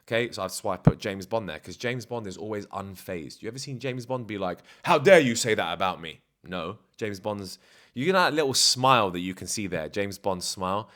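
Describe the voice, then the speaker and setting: A man's voice: on the low side, brisk, pushed and bright. A man talking as a dating coach in a casual vlog, blunt, slangy and self-assured.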